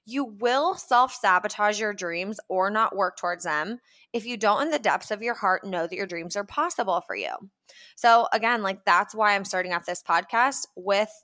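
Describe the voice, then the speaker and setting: Bright-voiced chatty young woman. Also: mid-range voice, moderate pace. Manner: chatty, upbeat, acts out quoted voices. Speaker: podcast host. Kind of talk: casual podcast monologue.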